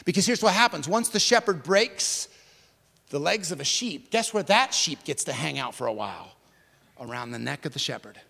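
Gravelly, bright-voiced male pastor preaching. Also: on the high side, lively intonation, normal speed, in a large hall. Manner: impassioned, swings from hushed to emphatic preaching. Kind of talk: sermon. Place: church service.

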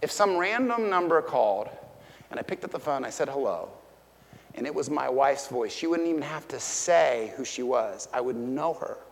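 A man's voice: medium pitch, lively intonation, normal speed, vocal fry, in a large hall. A middle-aged man preaching a sermon as pastor. His delivery is conversational, with stories and direct questions to the listeners.

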